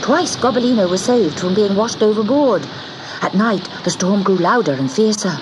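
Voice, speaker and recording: A woman reads a children's storybook aloud with a lively, swooping voice that rises and falls freely. Her pitch sits in a middle range. A clear steady hiss runs through the audiobook recording. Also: moderate pace. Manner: lively, expressive reading. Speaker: audiobook narrator. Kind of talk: storybook narration.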